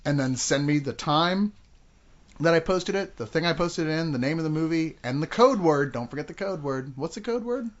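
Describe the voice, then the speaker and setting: A man's voice: a little high, animated, normal speed. A man hosting a podcast in casual chat, joking and laughing with profane banter. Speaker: podcast host. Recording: dull lo-fi podcast audio.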